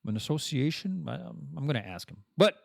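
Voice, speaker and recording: A man from Canada talks through a casual podcast monologue in a fairly high voice. He rambles, pokes fun at himself, and jumps up and down in pitch. The sound is dry and close to the mic. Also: fairly quick, gravelly, dry recording. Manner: rambling, self-deprecating, animated swings in pitch. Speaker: podcast host.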